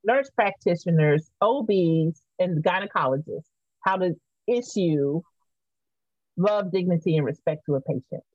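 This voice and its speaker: Lady telling a story on a podcast, does everybody's voices, kinda low, sounds like a phone line. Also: measured pace, darkish tone, husky, no echo. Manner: acts out the voices of people in her story. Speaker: guest, artist and activist. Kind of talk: animated storytelling in a podcast interview.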